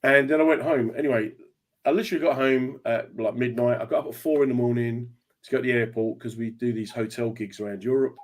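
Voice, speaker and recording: A man hosts a radio chat and spins a comedy anecdote at a fast clip. He acts out every line of dialogue as he goes. His pitch sits in a middle range for a man. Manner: fast, animated storyteller acting out dialogue. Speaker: radio show host and comedian. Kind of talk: casual chat, telling a stage anecdote.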